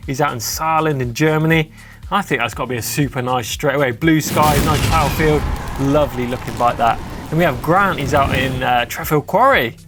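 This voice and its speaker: A man co-hosting a casual studio show, relaxed and easygoing in his banter. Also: on the high side. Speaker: co-host.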